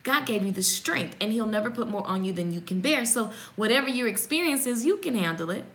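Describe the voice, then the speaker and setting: A woman hosting a casual morning devotional. She reads passages aloud and comments on them in an animated, preachy way, speaking straight to her viewers. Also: on the high side, fairly quick. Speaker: host giving a morning devotional.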